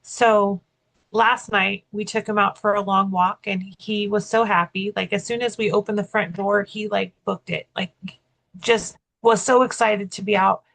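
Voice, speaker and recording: A woman's voice: medium pitch, steady tone, moderate pace, creaky, fairly bright tone, low-quality recording. A woman co-hosting a podcast, telling a story in casual chat, full of fillers and restarts. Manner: chatty, many "like" fillers and restarts. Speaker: podcast co-host and keynote speaker.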